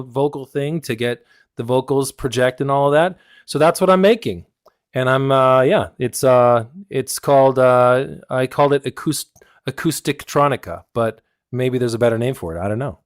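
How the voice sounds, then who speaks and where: A man's voice: medium pitch, clean tone, no room sound. A man with a mid-range voice, recorded dry and close, appearing as a musician guest on a podcast. He explains himself in a meandering, hesitant way, with frequent ums and restarts. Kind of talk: casual podcast chat.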